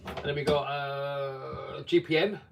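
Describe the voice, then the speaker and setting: A man's voice: mid-range voice, fairly even intonation, takes it slowly, vocal fry, distant mic, slight background noise. A man hosting a casual live stream, chatting and reading viewer comments aloud.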